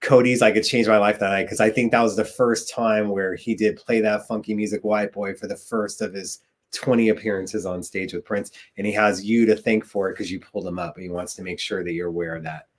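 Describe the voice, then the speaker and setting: A man's voice: on the low side, fairly even intonation, brisk. A man hosting a podcast interview, enthusiastic and asking leading questions. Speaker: podcast host. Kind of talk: casual interview chat.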